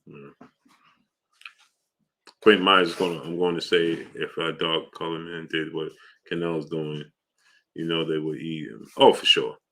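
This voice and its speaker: A deep-voiced man runs a casual live stream, calling out viewers by name and reading their comments aloud. His tone is bright and punchy. He keeps pushing people to hit the like button. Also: flat delivery, measured pace, pauses often. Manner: shouts out viewers by name, asks for likes.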